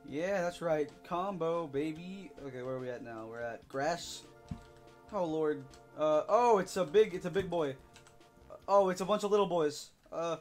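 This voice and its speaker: A young man narrating his gameplay in a fairly high voice, excitable and loud, whooping at every hit. Faint music plays behind him. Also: moderate pace. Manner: excitable, shouting and whooping while playing. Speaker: gaming YouTuber. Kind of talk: let's play commentary.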